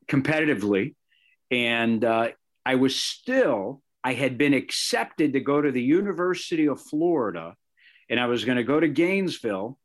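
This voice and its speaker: Sportscaster guy, middle-aged, chatty storytelling in an interview, ums and uhs. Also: mid-range voice. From Chicago area, Illinois. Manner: animated, anecdotal, with fillers and self-corrections. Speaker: sportscaster guest.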